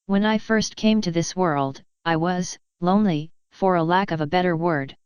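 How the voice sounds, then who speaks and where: A woman's voice: lowish voice, normal speed, clean tone, no echo, dull audio, close to an everyday voice. A woman voicing an ancient pony princess, a former warrior turned mentor, who speaks in a formal, commanding way. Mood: gentle.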